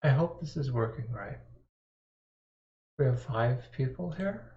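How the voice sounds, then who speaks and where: A man's voice: mid-range voice, animated, a little slow, a little mellow. Man, live streamer, casual rambling chat, self-deprecating, roomy echo, dull lo-fi mic. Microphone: desktop microphone. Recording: echoey, dull lo-fi sound.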